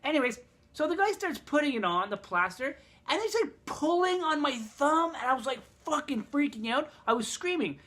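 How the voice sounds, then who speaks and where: A man's voice: very high voice, big pitch swings, normal speed, a bit bright. A man telling a story in a casual vlog, rambling, swearing and sarcastic, in pain from a broken thumb. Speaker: vlogger.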